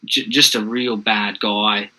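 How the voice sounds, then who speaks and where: A man's voice: lowish voice, flat delivery, slow, pushed and bright, rough recording. An Australian man, a podcast guest, telling his own hard story in a frank, plain-spoken way. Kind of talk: candid personal storytelling.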